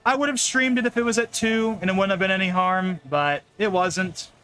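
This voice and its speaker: A man's voice: high-pitched, fairly even intonation, brisk, fairly bright tone. Chatty young man streaming a game. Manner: chatty, rambling, laughs often, repeats words. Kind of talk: casual live-stream chat while gaming.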